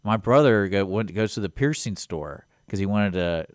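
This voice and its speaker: A man's voice: on the low side, moderate pace, smooth, no room sound, clean studio sound. A man co-hosting a radio talk show, telling childhood stories and acting out family members' lines in a casual chat. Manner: animated storyteller who acts out family quotes. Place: radio studio.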